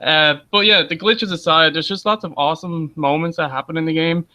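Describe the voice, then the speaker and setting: A man's voice: fairly high pitch, fairly even intonation, brisk, sharp tone. A man chatting as a guest on a gaming show, talkative and laughing as he tells stories. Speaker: guest gamer. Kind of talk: casual gaming chat.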